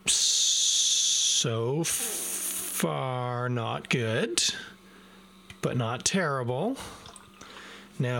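A man's voice: medium pitch, creaky, pushed and bright, a little hiss or hum. A man reviewing a beer live from his desk in a casual, self-deprecating way, talking straight to his viewers. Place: home desk. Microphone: desk microphone.

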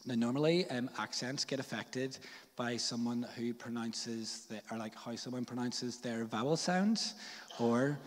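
This is a pastor from Northern Ireland with a mid-range voice and a measured pace, heard in a large-sounding church. Speaking with a Northern Irish accent, he turns his sermon into relaxed, humorous storytelling peppered with slang and filler words.

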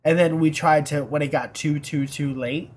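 A man's voice: a little high, fairly even intonation, moderate pace, a little hiss or hum. A man co-hosting a casual chat show, telling a long rambling family story with teasing asides and casual swearing. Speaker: podcast co-host.

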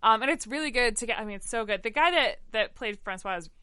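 A woman's voice: a little high, lively intonation, fast, pushed and bright, dry recording. A woman co-hosting a casual chat, recapping a musical with lots of fillers and enthusiasm. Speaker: podcast co-host.

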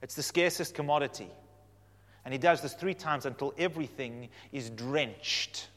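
Preacher in a reverberant hall. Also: male voice, medium pitch, normal speed. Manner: animated storytelling, swinging from loud to hushed. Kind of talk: sermon.

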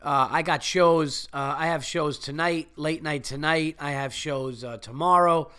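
A man's voice: on the high side, fairly even intonation, measured pace, bright, forceful tone, clean tone. Sick, chatty male podcast host. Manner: profane, rambling, chatty. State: sick with a cold. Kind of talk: casual solo podcast monologue.

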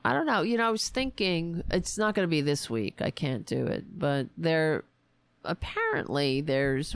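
A woman's voice: low voice, vocal fry, dry recording. A woman hosting a political livestream, blunt and sarcastic, outraged at politicians, tired and with a strained voice. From United States. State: tired, voice going. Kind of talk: casual livestream political commentary.

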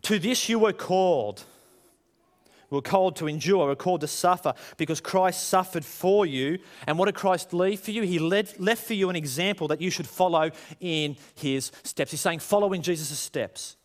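Guy preaching, chatty style, bit of a high voice, gets louder when telling stories. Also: moderate pace. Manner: conversational preaching, rising emphatic at story peaks. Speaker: pastor. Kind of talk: sermon.

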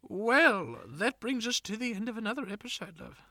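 Bright co-host with a dry delivery. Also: mid-range voice, sing-song, moderate pace, no room sound. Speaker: podcast co-host. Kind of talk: comic banter.

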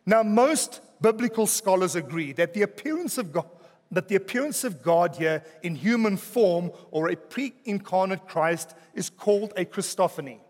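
Pastor guy preaching, highish voice, drops quiet for emphasis, big church reverb. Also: expressive. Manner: preaching with dramatic pauses, drops soft on key words; joking asides to the congregation. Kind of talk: sermon. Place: church hall. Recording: long reverb of a church hall.

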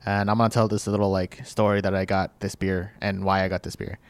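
Male co-host, lowish voice, halting delivery, dry close sound. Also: little pitch movement, clean tone, no room sound. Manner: hesitant, with fillers and restarts. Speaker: podcast co-host. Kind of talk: casual chat.

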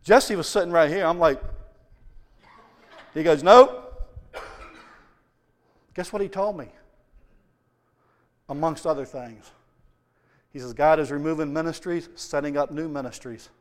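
A man preaching a sermon, shifting between impassioned emphasis and casual, conversational storytelling. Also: fairly high pitch. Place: church sanctuary. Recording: long church hall reverb.

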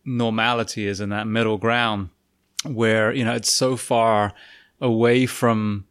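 A man in relaxed conversation, agreeable and thinking his points out aloud. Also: on the low side, unhurried, clean tone, dry recording, studio quality. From farm upbringing. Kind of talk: casual conversation.

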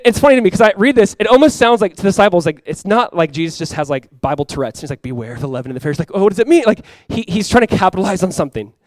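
A male pastor preaching a sermon in an animated way, acting out quoted voices and often repeating words as he goes. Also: sits high, no room sound.

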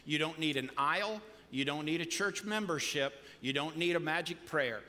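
A man's voice: a little high, moderate pace, pushed and bright. A man preaching a sermon as pastor of a church, building phrases up with emphatic punches. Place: church sanctuary. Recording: long reverb of a large hall.

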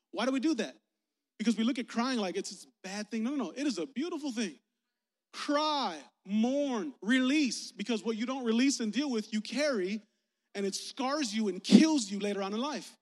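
A youth pastor with a high-pitched man's voice preaches candidly to his congregation. His talk is personal and emotional, and he often speaks straight to the crowd. It rings with the long reverb of a church hall. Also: expressive, fairly quick. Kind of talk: personal, conversational sermon.

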